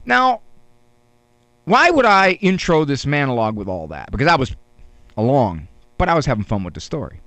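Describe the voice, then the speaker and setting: A man telling a wry, deadpan story in a monologue, with dramatic pauses, as a counselor. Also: medium pitch, no echo. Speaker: counselor and speaker.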